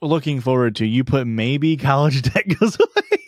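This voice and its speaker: A man's voice: mid-range voice, sing-song, normal speed, dry recording, clean studio sound. A young man co-hosting a casual podcast, teasing and playful in banter. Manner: playful, teasing, goofy bits. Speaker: podcast co-host. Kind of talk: casual chat.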